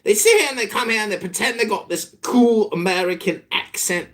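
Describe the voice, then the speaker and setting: A man putting on a voice as a self-righteous ranter, shouting and mocking his listeners. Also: sits high, fairly quick. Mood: lecturing. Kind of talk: comedic trolling rant.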